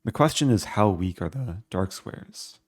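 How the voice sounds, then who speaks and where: A man streaming live, thinking aloud as he calculates his moves in a relaxed, halting way. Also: on the low side, breathy edge, no room sound, clean studio sound. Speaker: chess streamer. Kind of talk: live-stream game commentary.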